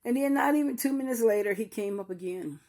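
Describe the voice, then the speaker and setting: A woman's voice: on the high side, quick pace, a little mellow. An older woman telling a personal story to her viewers as a grieving mother, talking straight to listeners and often restarting her sentences. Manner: talks straight to listeners, calling them y'all; repeats and restarts while recalling painful memories.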